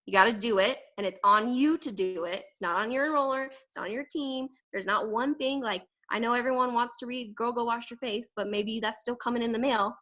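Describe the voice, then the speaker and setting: A young woman giving an energetic, emphatic motivational talk to her sales team, rambling quickly with fillers. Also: on the high side. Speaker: direct sales team leader. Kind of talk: casual motivational talk to camera.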